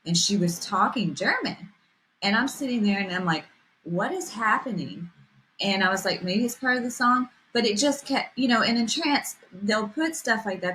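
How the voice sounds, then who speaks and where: A woman telling a strange personal experience in casual chat, excitable, quoting her own thoughts as she relives it. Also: medium pitch, a little hiss or hum, low-quality recording. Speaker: podcast guest.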